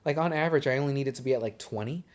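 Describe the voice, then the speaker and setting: Young guy cohosting a movie podcast, swears a lot, rambly, mid-pitched voice. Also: racing. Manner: rambling, swears often, restarts sentences. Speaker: podcast co-host. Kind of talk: casual movie chat.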